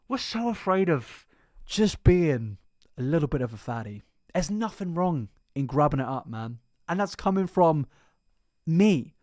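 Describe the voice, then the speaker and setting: A woman's voice: fairly low pitch, no echo, clean studio sound. A woman from Britain, live streaming and ranting casually to chat, swearing freely. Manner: animated, swears a lot, reacts to chat.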